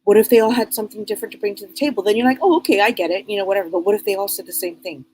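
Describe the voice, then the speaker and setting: Rapid-fire and warm in tone, a middle-aged psychic reader hosts a live advice stream in her mid-range voice, talking bluntly and casually with repetition and rhetorical questions. The recording is rough, with a little hiss or hum.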